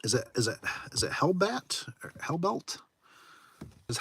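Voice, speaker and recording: A man's voice: on the high side, sing-song, a little slow, gravelly, pauses often, a bit bright, slightly rough, no room sound. A man who runs a garage door repair business, chatting casually with viewers on a livestream, laughing often and tossing in frequent exclamations.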